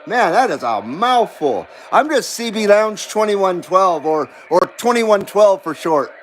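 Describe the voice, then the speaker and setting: A man's voice: high voice, big pitch swings, measured pace, slight background noise, low-quality recording. A man hosting a CB radio livestream, reading chat messages aloud in a rambling, self-deprecating way and laughing often. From western United States.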